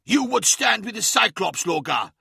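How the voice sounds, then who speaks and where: A man voicing a hot-tempered barbarian warlord who speaks in a loud, gravelly growl. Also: high voice, very animated, normal speed, dry recording, studio quality, voice pushed up, heavily acted. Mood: angry.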